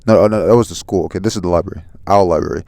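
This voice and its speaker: A man in a soft-spoken ASMR comic review, reading haltingly, stumbling over words and apologizing. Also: deep voice, fairly even intonation, no room sound, clean studio sound. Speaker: ASMR manga reader.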